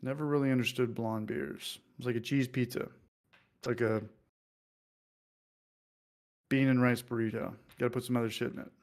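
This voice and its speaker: A man's voice: medium pitch, steady tone, moderate pace, pauses often, a little mellow. A man casually hosting a livestream, joking loosely and reading out viewer comments. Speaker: livestream host.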